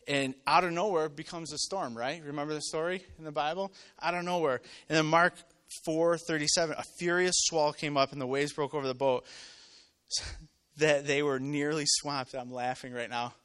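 A man preaching a sermon to a live congregation, telling stories and acting out voices, swinging from loud to quiet. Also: a little high, fairly even intonation, moderate pace, clear, resonant tone. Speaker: pastor. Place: church with live audience.

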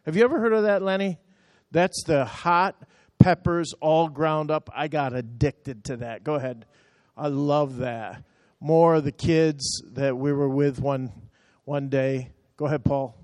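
A man's voice: fairly high pitch, steady tone, unhurried, few pauses, a little mellow, no echo, clean studio sound. A man talking a church through slides from a mission trip, chatty and emotional, telling the operator to move on.

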